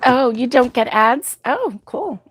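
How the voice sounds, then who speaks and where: A slightly high, expressive, somewhat rough female voice talks slowly on a casual crochet live stream. She's sleepy and yawning, reading chat aloud and naming viewers, with lots of ums and laughter.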